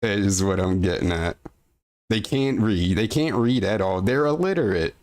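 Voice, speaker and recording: A man's voice: on the low side, animated, normal speed, a little mellow. A man streaming, reacting to a video with incredulous, ranting commentary and casual swearing.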